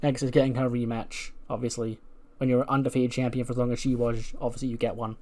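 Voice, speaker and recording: A man's voice: medium pitch, level tone, quick pace, dark tone. Rambling man narrating a wrestling game. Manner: rambling, lots of "like" and "you know". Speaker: let's play narrator.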